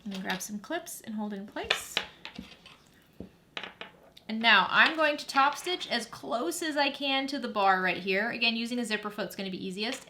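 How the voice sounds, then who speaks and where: A woman's voice: medium pitch, background noise. A woman hosting a sewing tutorial, giving friendly, practical step-by-step instructions while she works at her machine.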